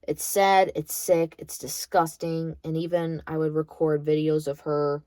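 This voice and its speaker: A woman's voice: low voice, flat delivery, unhurried, mellow, no room sound. A young woman in college venting bluntly about her grandmother, swearing freely in a bitter monologue. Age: young adult. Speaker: vlogger.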